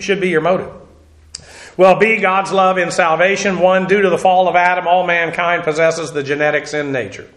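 A man's voice: a little high, fairly bright tone. A man preaching an expository Bible sermon, emphatic and conversational with dry humorous asides. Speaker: pastor. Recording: echoey room.

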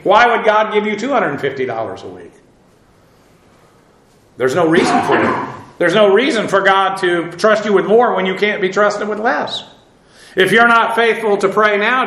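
A man's voice: high voice, pushed and bright, echoey room, poor audio. A man preaching a sermon in a conversational way, often asking his listeners questions. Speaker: pastor.

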